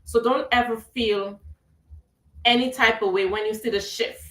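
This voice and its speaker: A woman's voice: fairly high pitch, fairly even intonation, moderate pace, a bit bright, reverberant, recorded from a distance, poor audio. Upbeat woman host, slightly off-mic. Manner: upbeat, motivational, laughs easily. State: a bit under the weather, throat tight. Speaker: radio show host. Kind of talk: casual radio chat.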